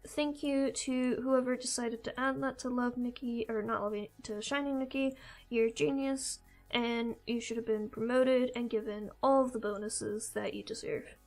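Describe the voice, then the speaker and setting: A woman with a high, light voice hosts a live stream in an easy, rambling chat. She drops casual swears and keeps talking as she goes along. Soft music runs quietly behind her. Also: steady tone, normal speed, rough recording.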